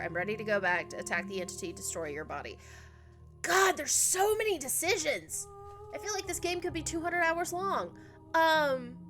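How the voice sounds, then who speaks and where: A woman's voice: sits high, a bit bright. A young woman giving chatty, emotional commentary as she plays a video game, full of likes and ums. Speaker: let's play streamer. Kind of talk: casual gameplay commentary.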